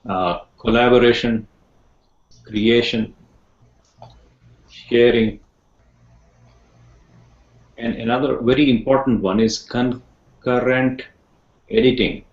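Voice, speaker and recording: A man's voice: medium pitch, steady tone, slow, long pauses. Man teaching over a muffled echoey call. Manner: rambling, repeats words, asks the class questions. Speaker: instructor. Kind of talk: online class lecture. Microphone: video call.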